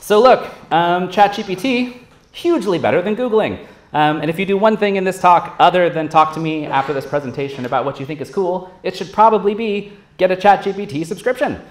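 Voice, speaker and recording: Animated, profane man giving a stage talk. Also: sits high, fairly quick. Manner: animated, profane, casual, acts out quotes. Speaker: conference speaker. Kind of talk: live tech conference talk. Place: conference hall on stage. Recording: roomy hall echo.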